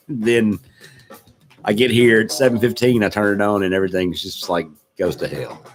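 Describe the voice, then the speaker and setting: A man's voice: on the low side, fairly even intonation, normal speed, faint music behind. A middle-aged man, hosting a casual live stream, rambling and self-deprecating as he greets viewers in the chat. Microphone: desk microphone.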